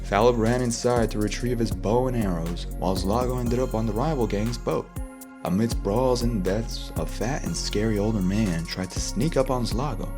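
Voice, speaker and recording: Guy reading an audiobook, lively up-and-down voice, laid back, faint music underneath. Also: lowish voice. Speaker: audiobook narrator. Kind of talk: storybook narration.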